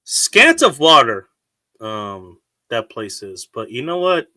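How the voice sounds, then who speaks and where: A man's voice: mid-range voice, big pitch swings, slow, pushed and bright, dry recording. A man hosting a casual podcast, cracking crude teasing jokes with his co-hosts. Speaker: podcast host. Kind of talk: casual banter.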